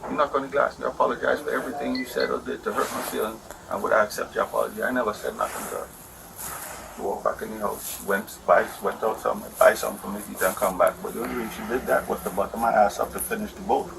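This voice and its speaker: A low-voiced man talks fast and rambles, aggrieved and repetitive as he explains his side to an officer. His voice has a gravelly rasp. The audio is noisy, like body-camera sound inside a house. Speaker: husband explaining a domestic dispute. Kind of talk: heated complaint to an officer. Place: indoors at a house.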